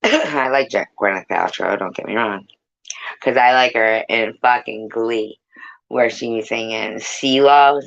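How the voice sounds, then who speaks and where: A woman's voice: a bass voice, moderate pace, gravelly, fairly bright tone, lo-fi sound. A woman hosting a live stream, chatting with viewers in a rambling, swearing, casual way. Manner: rambling, swears a lot, sings snatches. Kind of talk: casual chat.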